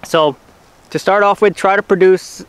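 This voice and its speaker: Smooth-voiced man giving patient how-to tips. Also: high-pitched. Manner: relaxed, patient, talks in short halting phrases with fillers. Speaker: hunting channel host teaching turkey calls. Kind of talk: casual how-to instruction.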